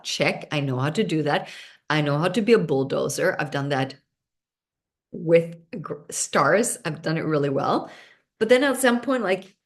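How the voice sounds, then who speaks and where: A lively woman whose first language is Swedish hosts an online seminar in English, her voice sitting a little low. She talks with bubbly intensity on a video call. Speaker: seminar host.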